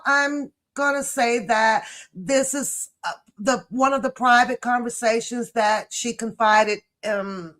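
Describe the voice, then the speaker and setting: A woman hosting a commentary channel, reading text messages aloud and reacting in an emphatic, sassy way with loud outbursts. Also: mid-range voice.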